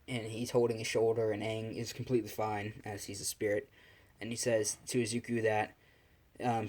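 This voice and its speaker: A man casually telling a fan story into a phone, rambling and swearing, with frequent restarts. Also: medium pitch. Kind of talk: casual spoken fan fiction.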